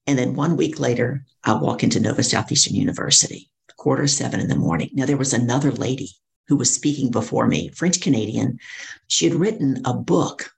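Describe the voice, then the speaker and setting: A middle-aged professional speaker and coach recounts her story during an interview, voicing other characters' words with animated impressions. She talks briskly in a bass voice with a creaky texture.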